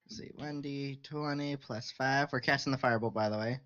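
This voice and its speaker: A man's voice: medium pitch, fairly even intonation, a little fast, a bit bright, no echo, lo-fi sound. A man playing in a tabletop game, eagerly asking about moves and range. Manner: eager, asks many questions. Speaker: player. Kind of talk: casual chat at a game table.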